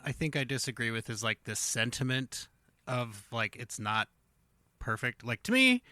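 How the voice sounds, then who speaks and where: An enthusiastic man co-hosting a podcast, with a bright, forward voice at a middle pitch. He chats loosely and peppers his points with "like". The recording is close and dry. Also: big pitch swings, normal speed, dry recording. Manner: enthusiastic, fond of hedging "like". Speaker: podcast co-host. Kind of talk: casual chat.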